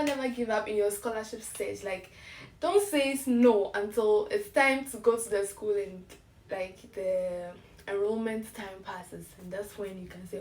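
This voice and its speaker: A young woman from Ghana tells a story to her camera in a casual, animated way, with frequent laughs. Her voice sits a little high. The sound is roomy, and she is some distance from the mic. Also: normal speed, slight background noise. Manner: animated, laughing, acts out emails in bright voices. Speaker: vlogger.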